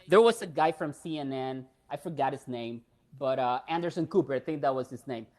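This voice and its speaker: A man's voice: medium pitch, brisk, a little mellow. A man hosts a live stream in easy conversation. He reads out viewer questions and chats about learning English. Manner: conversational, agreeing often, storytelling. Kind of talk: casual chat reading viewer questions.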